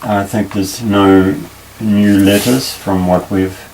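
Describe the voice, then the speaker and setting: A very deep-voiced man talks slowly through a Hebrew language lesson, pausing and restarting as he explains. He sits a little back from the microphone. A faint hiss of room noise runs under his voice. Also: fairly even intonation, darkish tone, recorded from a distance, low-quality recording. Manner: unhurried, halting, with frequent fillers and restarts. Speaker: Hebrew teacher.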